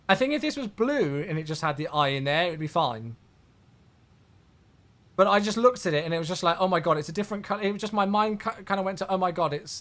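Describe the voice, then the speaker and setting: A man's voice: high voice, fairly bright tone. A man chatting casually on a flight sim live stream, rambling as he answers viewer questions.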